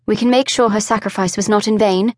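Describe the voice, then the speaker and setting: A woman voicing a calm, steady young male swordsman with an even manner. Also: mid-range voice, fairly quick, dry recording, studio quality, close to an everyday voice.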